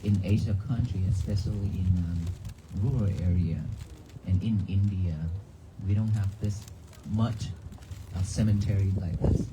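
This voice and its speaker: A man speaks as a monk, preaching earnestly to a crowd in plain, simple phrases. His voice sits fairly low. He is recorded outdoors, with clear background noise from the open air. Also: fairly even intonation, normal speed, mellow, low-quality recording. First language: Vietnamese. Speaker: monk giving a dharma talk. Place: outdoors at a church cemetery.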